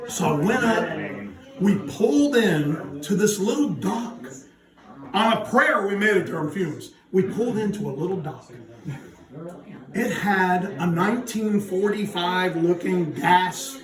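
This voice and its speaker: A man with a high voice tells a comic story as a son-in-law's speech, animated and laughing along. He is picked up from far off in a big echoing hall. A crowd is heard around him. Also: unhurried. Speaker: son-in-law giving a wedding speech.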